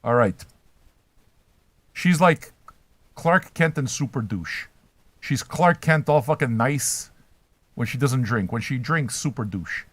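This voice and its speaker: Brash, foul-mouthed older man, lively pitch. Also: takes it slowly, pauses often, no echo. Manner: brash, trolling, swears constantly. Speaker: livestream host reacting to chat. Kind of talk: profane, rambling livestream chat.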